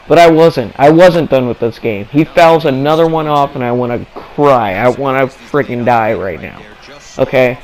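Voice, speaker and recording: A man's voice: medium pitch, moderate pace, low-quality recording. A young man giving casual, playful commentary over his own gameplay, acting out his thoughts in mock-dramatic asides.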